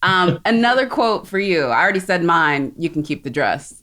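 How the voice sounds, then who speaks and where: A woman from South Texas co-hosts a film chat with an unusually low voice for a woman. She talks with enthusiasm and strong opinions and laughs often between points. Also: animated, moderate pace, bright, forceful tone. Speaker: co-host. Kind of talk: casual chat.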